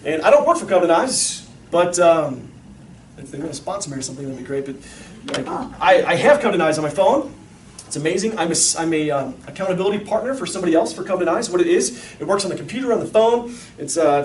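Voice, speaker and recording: A man with a high voice gives an animated talk to an audience of parents and acts out the people in his stories. He is picked up from a distance in a large, echoey room, with faint room noise behind him. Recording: echoey room, mic far off.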